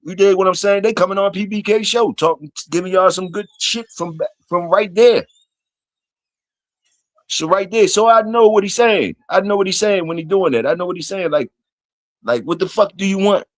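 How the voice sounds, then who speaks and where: A man's voice: sits high, normal speed, no echo. A man hosting a casual solo livestream, talking loosely and profanely to his chat and reading comments aloud. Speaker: livestream host.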